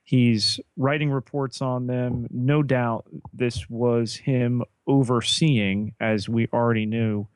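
Male podcast co-host, measured unhurried recap, mid-pitched, dry close mic. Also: fairly even intonation, no room sound. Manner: unhurried plot summarizing with fillers. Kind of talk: casual episode recap.

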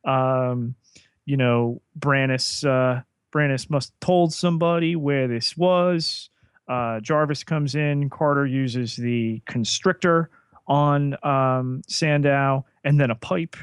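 A man co-hosting a podcast, recapping a TV episode in a measured way with frequent fillers. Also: mid-range voice, clear, resonant tone, dry recording. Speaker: podcast co-host.

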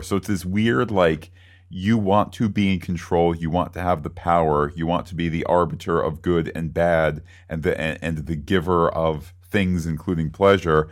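A man's voice: deep voice, steady tone, normal speed. A man co-hosting a podcast, recapping a TV episode in a wry, wordy, playful way. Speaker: podcast co-host.

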